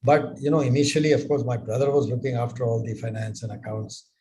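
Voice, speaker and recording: Older guy with a mellow voice, mentoring, asks lots of rhetorical questions, steady pace. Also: mid-range voice, poor audio. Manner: measured, advice-giving, rhetorical questions. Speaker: guest business mentor. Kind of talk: live mentorship session.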